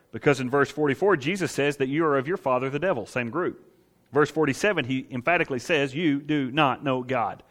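A man preaches emphatically as a pastor, posing questions and answering them himself. His voice sits high and a bit bright, and the recording carries a long hall reverb.

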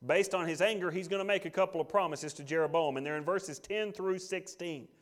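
A male pastor with a slightly high voice preaches a fairly quick, emphatic sermon, swinging between loud declarations and hushed asides. He reads scripture aloud and voices God's lines as quotations.

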